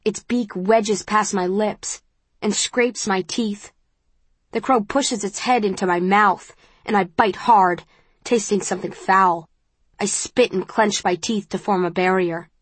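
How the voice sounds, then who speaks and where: A woman's voice: mid-range voice, fairly even intonation, a little slow, breathy edge, dry recording. A woman narrating a first-person story aloud in a tense, vivid storytelling manner. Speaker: audiobook narrator.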